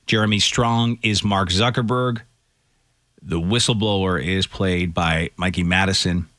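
A man's voice: sits low, fairly even intonation, unhurried, bright, forceful tone, no echo. A man hosting a radio show, reading entertainment news items and chatting casually about them. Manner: reads items then chats loosely.

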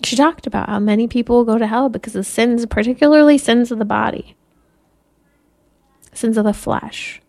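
A woman who is a Catholic speaker and mother, giving an earnest, measured spiritual talk and sometimes laughing softly. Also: a little high, creaky.

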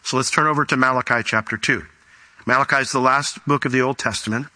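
A man preaching a sermon as pastor, reading scripture aloud and explaining it, often rising in pitch for emphasis. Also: fast talker. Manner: animated, rises sharply in pitch for emphasis.

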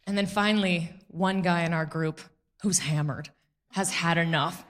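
A woman's voice: medium pitch, measured pace, pauses often, pushed and bright. A woman in her thirties doing a stand-up comedy set, sarcastic, punchy and self-mocking.

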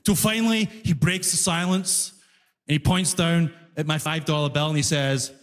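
A man doing stand-up comedy on a music hall stage, telling stories with animated exasperation, often breaking into shouts. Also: on the high side, normal speed. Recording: long reverb of a concert hall.

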